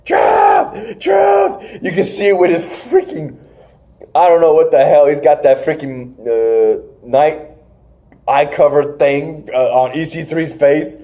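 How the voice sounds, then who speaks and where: A man hosting a casual wrestling review podcast, recapping matches with animated retellings and acted-out lines. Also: a little high, a little slow. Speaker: podcast host.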